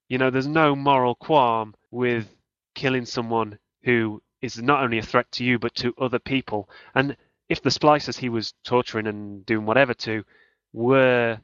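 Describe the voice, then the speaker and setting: On a dry, dull lo-fi recording with no room sound, a man on a podcast panel talks loosely about video games. His medium-pitched voice is a bit bright and clean, with fairly even intonation and a moderate pace. He hesitates often, breaking off and restarting thoughts as he figures out what he means.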